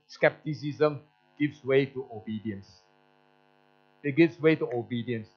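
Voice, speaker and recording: High-voiced pastor preaching a sermon. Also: male voice, dull audio. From Malaysia. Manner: storytelling, acts out quoted voices, frequent restarts.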